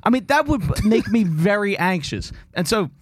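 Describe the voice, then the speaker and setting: Young philly dude rambling on a podcast, lots of um and like, pretty high voice, dry mic. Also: male voice, very animated, normal speed, no room sound. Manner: rambling, self-mocking, lots of fillers. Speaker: podcast co-host. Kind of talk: casual chat.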